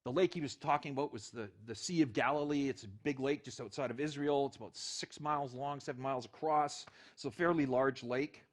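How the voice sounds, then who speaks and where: A middle-aged male pastor preaching a sermon, telling the story in an animated way and acting out the quotes. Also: mid-range voice, a little fast, few pauses.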